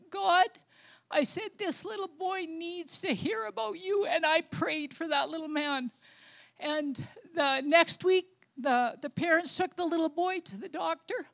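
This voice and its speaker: An older woman, a grandmother, giving an informal, heartfelt talk at church, rambling with many fillers and restarts. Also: high voice. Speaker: lay speaker at church.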